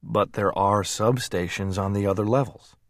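A man's voice: fairly low pitch, moderate pace, no echo, clean studio sound, close to an everyday voice. Man voicing a tense male scientist.

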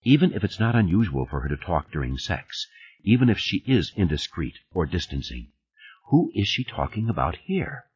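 A sharp woman lawyer keeps pressing with dry, ironic questions, as a male audiobook reader puts her on. The voice is husky and lively in pitch, and the audio is dull, like an old cassette. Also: normal speed, heavily acted. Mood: probing.

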